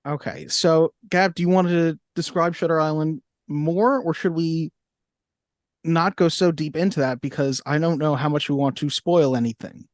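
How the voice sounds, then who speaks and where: A young man co-hosting a movie podcast, joking and slipping into quick impressions. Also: a little high, fairly even intonation, no room sound, clean studio sound. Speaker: podcast co-host. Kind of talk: casual chat.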